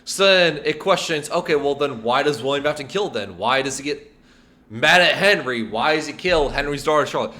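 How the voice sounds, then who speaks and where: A man hosting a casual video game lore video, animated and full of rhetorical questions and filler ums. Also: on the high side, moderate pace. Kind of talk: casual lore theorizing to camera.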